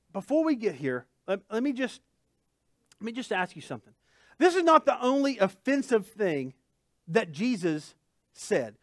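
Guy pastor preaching, high voice that jumps all over, chatty and joking, dry close sound. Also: dry recording. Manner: animated, conversational preaching with asides and jokes. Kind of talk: sermon. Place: church.

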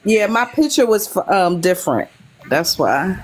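Lively-pitched laid-back woman viewer. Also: moderate pace, no room sound. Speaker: livestream viewer. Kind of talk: casual livestream chat.

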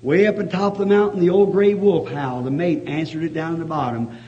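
Man, preacher, high voice, storytelling sermon, shouting bursts, muffled old tape. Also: brisk. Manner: excitable, swings from hushed storytelling to shouting praise. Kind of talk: fervent revival sermon with storytelling. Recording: dull lo-fi archival tape.

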